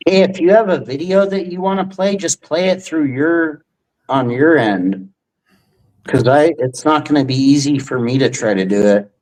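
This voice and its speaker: A young man hosting a livestream, talking in a rambling, profane, halting way. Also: a little high, darkish tone, low-quality recording. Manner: rambling, profane, hesitant restarts. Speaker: stream host. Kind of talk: casual livestream chat.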